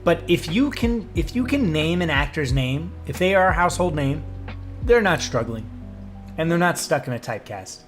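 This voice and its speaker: A young man hosting a casual livestream, his voice sitting a touch higher than most men's. He rambles through viewer comments with plenty of fillers and restarts, and soft music plays quietly behind him. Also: lively intonation, moderate pace.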